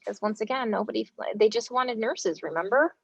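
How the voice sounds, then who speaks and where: As a guest in an interview, an American woman who works as a front-line nurse relates animated stories, voicing quoted dialogue and dropping in frequent fillers. Her voice is on the high side, slightly rough with vocal fry, at normal speed. It's recorded in a dry room with a dull lo-fi quality and no room sound.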